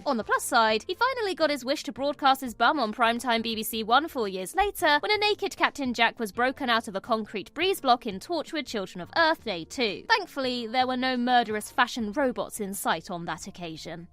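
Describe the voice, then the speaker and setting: A woman's voice: fairly high pitch, a bit bright. A woman hosting a trivia video in scripted narration, with playful, jokey asides. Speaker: host.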